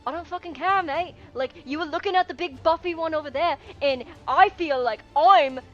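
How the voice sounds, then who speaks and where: A man's voice: very high voice, animated, normal speed, fairly bright tone, dull audio. A woman voicing a short, jealous male gnome who rants, swears and bickers in a tabletop game.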